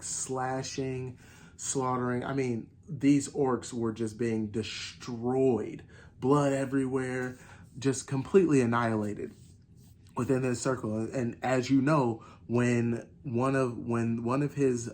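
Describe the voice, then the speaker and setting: Excited rambling man recapping anime. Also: mid-range voice, slight background noise. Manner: excited, rambling retelling with many fillers. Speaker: anime review host. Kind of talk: casual recap talk.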